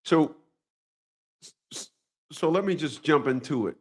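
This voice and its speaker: The vlogger speaks unhurriedly in a voice a little on the high side. Addressing viewers straight on, he's casual, profane and repetitive, sermonizing as he tells his story.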